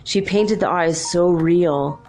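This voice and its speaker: Chatty woman telling a story, lowish voice. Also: slow, a little hiss or hum. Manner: chatty, laughs often, quotes people in lively voices. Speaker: podcast host. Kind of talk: casual storytelling.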